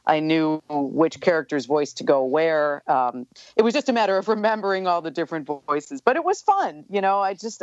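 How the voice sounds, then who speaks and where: An author chats through an interview, rambling easily and leaning on fillers. The sound is dull and muffled, with no room echo at all. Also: medium pitch. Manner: chatty, full of "you know" fillers. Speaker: author and guest. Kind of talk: casual interview chat.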